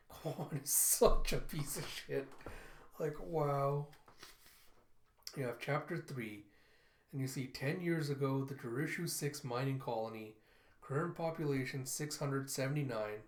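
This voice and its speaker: A man's voice: mid-range voice, unhurried. A man casually reading through a comic and reacting, with loose wording and many fillers. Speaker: comic reviewer. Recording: echoey room.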